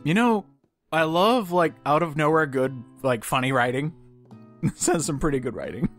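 A man's voice: on the high side, expressive, normal speed, faint music behind. A man casually commenting on a dating game with a friend, swearing often and reading lines aloud. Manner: swearing, laughing, reads game text aloud. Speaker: let's play co-host.

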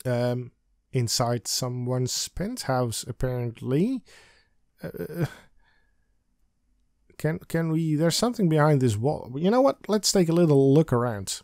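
Playful, lively man playing a game. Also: a little high, unhurried, dry recording, clean studio sound. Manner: playful, giggly, sings and reads lines with silly emphasis. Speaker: let's play host. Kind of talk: let's play commentary, reading game text aloud.

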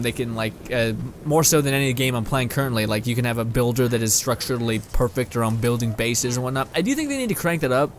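A young gaming YouTuber from Canada speaks at medium pitch, with a little hiss or hum on the recording. He plays a video game while giving casual let's play commentary that rambles, is peppered with laughter, and sometimes turns to swearing at the game.

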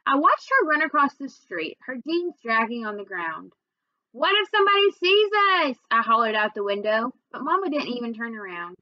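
Woman reader, expressive first-person storytelling, slightly high voice, muffled dry recording. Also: moderate pace, hardly any pauses, dry recording. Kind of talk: reading a children's novel aloud.

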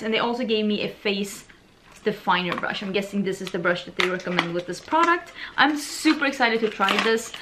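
A young woman from Sweden chatting excitedly as she unboxes beauty products for her vlog, gushing and chatty. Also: medium pitch, background noise. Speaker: beauty vlogger.

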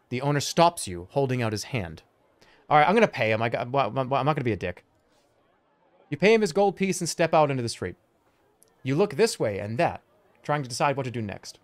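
A man streaming, reading a fantasy gamebook aloud with joking asides and laughter. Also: a little high. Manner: animated, joking, laughs between lines.

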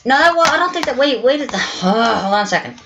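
A woman narrates her own game session in a let's play, excitable and quick to exclaim or curse. Her voice is bright and sharp-edged. A faint hiss sits under the recording. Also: sits high, lo-fi sound. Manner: excitable, exclaiming, swears often. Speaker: gameplay video host. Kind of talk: let's play gameplay commentary.

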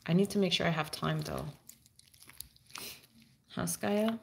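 A woman's voice: a little slow, vocal fry. A woman hosting a casual live stream with her dog, chatting to viewers and talking to the dog in a playful, sing-song voice. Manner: baby-talks to her dog, swings up high and playful; answers chat viewers with fillers and restarts.

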